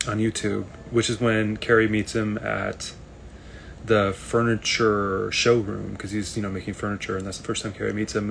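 A man answers fan questions on a casual live video stream, reading comments aloud in an easygoing, rambling manner. His voice is low and gravelly, with a faint hiss beneath it. The delivery is chatty and unhurried. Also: a bit bright.

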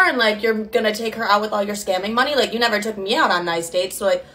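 A woman's voice: medium pitch, fast talker, fairly bright tone. A young adult woman telling a storytime in a casual, candid way, swearing freely and saying "like" a lot. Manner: chatty, candid and profane, heavy use of "like".

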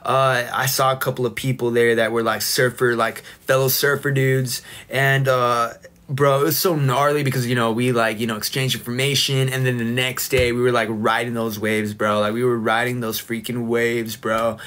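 A man's voice: mid-range voice, flat delivery, normal speed, fairly bright tone, close to an everyday voice. A man playing a laid-back young male surfer bro, drawling with a Californian accent and filling every line with "bro" and "dude.". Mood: chill.

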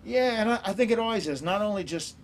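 Easygoing male guest, forties, quick and slightly high, casual storyteller; light room noise. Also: lively intonation. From American South. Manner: easygoing storytelling, laughs often. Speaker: guest wrestler. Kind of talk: casual chat.

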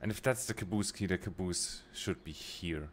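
Man, young adult, very deep voice, casual game streaming, muttering to himself, faint background noise. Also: moderate pace. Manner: muttering to himself while planning, with short restarts. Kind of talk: casual let's-play commentary.

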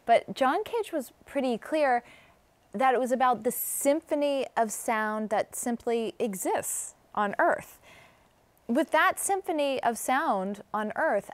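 A middle-aged woman hosting a conversational interview, asking questions with curiosity. Her speech moves along at an easy pace, and she presses her guest with follow-up questions. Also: medium pitch. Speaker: host.

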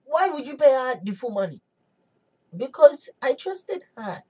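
A woman does a wife in a Nigerian comedy sketch who coaxes and makes excuses to her husband. She speaks with a Nigerian English accent in a husky voice whose pitch leaps up and down with feeling. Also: big pitch swings, dark tone, exaggerated voice. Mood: defensive. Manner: coaxing and pleading, quick to excuse herself. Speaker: comedy skit character. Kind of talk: comic sketch acting.

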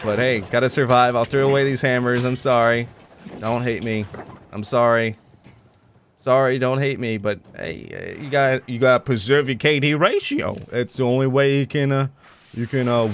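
A young man giving excitable, joking commentary over his own gameplay, making gun sound effects and yelling when surprised. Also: mid-range voice, normal speed, a little hiss or hum. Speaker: gaming YouTuber.

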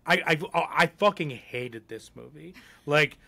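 A man co-hosting a podcast, talking in a loose, rambling way with plenty of fillers. His voice sits a little on the high side, and he states his views bluntly. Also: lively intonation, unhurried, vocal fry, pushed and bright. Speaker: podcast co-host. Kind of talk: casual chat.

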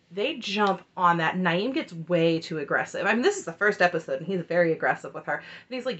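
A woman's voice: fairly low pitch, very animated, quick pace, fairly bright tone, dull audio. Chatty woman recapping reality TV. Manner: chatty and opinionated, with wry asides. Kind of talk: casual TV recap commentary.

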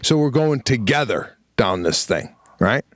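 A middle-aged man co-hosting a podcast, telling a story in casual chat with slow, drawn-out pauses. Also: mid-range voice, very animated, no echo, clean studio sound. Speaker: podcast co-host.

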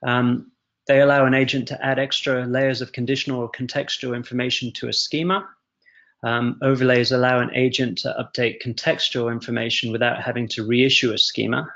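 Gravelly man presenting on a call. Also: mid-range voice, flat delivery, a bit bright. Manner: halting, many fillers and restarts. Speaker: guest presenter. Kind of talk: technical presentation on a web call. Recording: dull lo-fi call audio.

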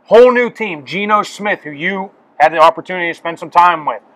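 A man co-hosts a casual sports podcast and introduces his guest with real excitement. His voice sits a little high and sounds bright and forward. He asks long, chatty questions. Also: fairly quick, low-quality recording. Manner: hyped, calls guest "brother". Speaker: podcast co-host.

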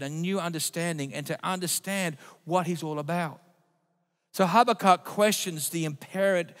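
Male pastor, sermon delivery, fairly high-pitched, punchy then hushed, long church reverb. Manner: emphatic preaching, swings between loud and quiet.

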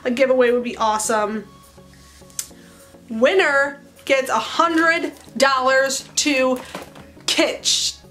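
A woman's voice: high-pitched, slow pace, pauses often, fairly bright tone, faint music behind. A woman in her twenties, a hairstylist chatting casually in a bubbly, self-mocking way for a vlog. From Central Illinois. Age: 20s.

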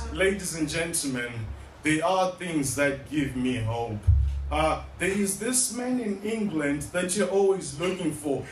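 A man performing a rambling stand-up comedy set in a tea room, with stammering restarts. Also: sits high. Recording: echoey room, distant mic, noisy.

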